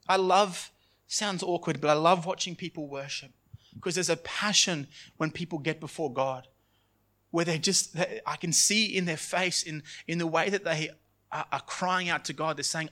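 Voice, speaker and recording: A man preaching a sermon in a church, earnest and repetitive, often dropping his voice softly at the end of a phrase. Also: on the high side, moderate pace. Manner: earnest, repetitive preaching with restarts and sudden soft drops.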